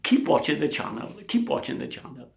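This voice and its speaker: A man tells a rambling joke straight to camera. His pitch swings up and down as he goes. The room around him is echoey. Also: a little fast, gravelly. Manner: rambling, animated, puts on character voices. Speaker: comedian. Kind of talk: stand-up joke telling to camera.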